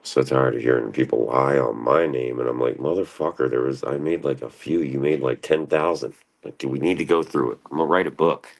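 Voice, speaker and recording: A man's voice: fairly even intonation, a little fast, hardly any pauses. A man talking in a rambling, profane monologue on his own stream, restless and jumping between thoughts. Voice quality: gravelly, very deep.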